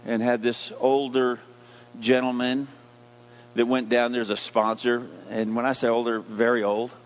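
A man's voice: mid-range voice, flat delivery, normal speed. A man preaching a sermon as pastor, emphatic, putting questions to his congregation. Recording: dull lo-fi recording.

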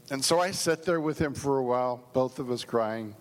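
A middle-aged man telling a personal story in a sermon, earnest and halting, often restarting his sentences. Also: fairly high pitch, steady tone, fairly bright tone. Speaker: speaker giving a devotional talk. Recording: long hall reverb.

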